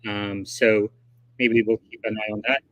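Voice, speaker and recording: Dull audio with no echo captures a livestream host with a lowish, fairly bright voice, delivered flatly at a measured pace. He talks over financial numbers in a relaxed, chatty manner, reasoning out loud and quoting from a report.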